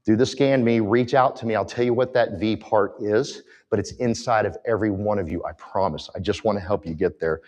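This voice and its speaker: A man's voice: on the low side, fairly quick, few pauses, darkish tone. A man giving a motivational talk from a conference stage, emphatic and direct with the audience. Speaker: conference speaker.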